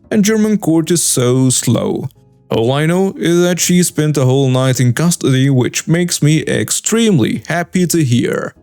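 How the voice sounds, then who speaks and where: A young man narrating a first-person story in an earnest, steady reading tone. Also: on the high side, no room sound.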